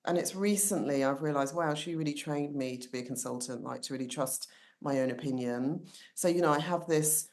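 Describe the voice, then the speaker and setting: A woman's voice: sits low, brisk, darkish tone. A middle-aged woman from England with a mixed, London-leaning accent, a coach talking reflectively as a guest in a casual podcast conversation. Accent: mixed English, London-leaning. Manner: reflective, chatty, laughs easily.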